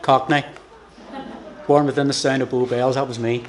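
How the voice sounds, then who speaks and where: A man's voice: mid-range voice, flat delivery, normal speed, a little hiss or hum. A man in his sixties from Northern Ireland, chatting as an interview guest in a gospel hall and joking as he recalls his early years. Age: 60s. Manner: jokey, chatty storyteller. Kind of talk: conversational testimony interview.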